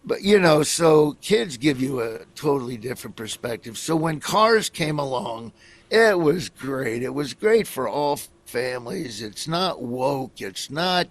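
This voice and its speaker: Rambling middle-aged comedian from Nebraska. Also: male voice, medium pitch, animated, unhurried. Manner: rambling storyteller, acts out other people. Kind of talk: casual interview chat.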